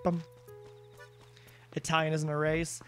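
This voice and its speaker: A man's voice: on the high side, completely flat delivery, slow, fairly bright tone, clean tone, faint music behind. A man live-streaming a video game, chatting casually with viewers in a rambling, self-deprecating way. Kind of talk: casual live-stream chat while gaming.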